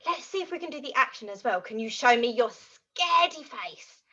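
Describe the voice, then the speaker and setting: A woman teaching French to young children in an animated, exaggerated way, acting out feelings as she goes. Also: on the high side, moderate pace, dull audio. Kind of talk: children's language lesson.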